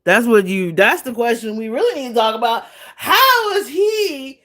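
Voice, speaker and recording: Woman livestream host, casual gossip commentary; blunt, profane, chatty, quick to laugh. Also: on the high side, animated, a bit bright.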